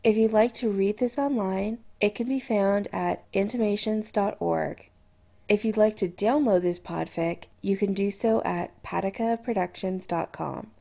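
A woman narrating a fan audiobook at a very slow, unhurried pace. Her voice is mellow and dark-toned, and she reads softly and evenly. She sits at a mid pitch for a woman. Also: creaky. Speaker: podfic reader.

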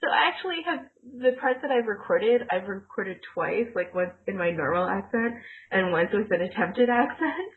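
Over a tinny call line, a woman with a mid-range, expressive voice talks at a moderate pace as a podcast co-host. The conversation is relaxed and rambling, sprinkled with plenty of "like."

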